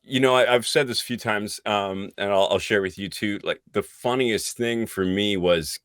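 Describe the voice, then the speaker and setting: A middle-aged man with a very low voice talks through a casual podcast interview. His speech is reflective and unhurried, and he keeps pausing to find the right words. The sound is dry and close, with no room echo. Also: a bit bright. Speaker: voice actor guest.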